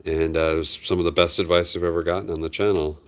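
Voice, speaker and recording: Deep-voiced man chatting on a live stream. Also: fairly even intonation, quick pace. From United States. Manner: talks fondly to his dogs while reading viewer comments. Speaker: farm hospice channel host. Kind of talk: casual live stream chat.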